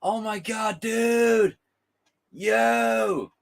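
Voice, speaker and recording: A man putting on a drawling, high surfer dude. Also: big pitch swings, very slow, heavily acted. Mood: indignant. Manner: drawling surfer slang, loud exclamations. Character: laid-back young male surfer dude, indignant.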